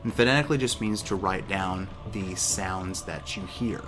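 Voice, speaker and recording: Chatty upbeat guy doing a how-to vlog, lowish voice, music clearly playing under him. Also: normal speed. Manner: upbeat, chatty, self-joking. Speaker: YouTube host.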